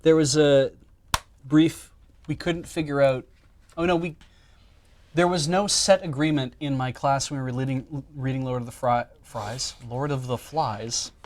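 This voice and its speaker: A man's voice: medium pitch, unhurried, darkish tone. A man hosting a live stream, chatting casually and joking with stumbling restarts. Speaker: stream host.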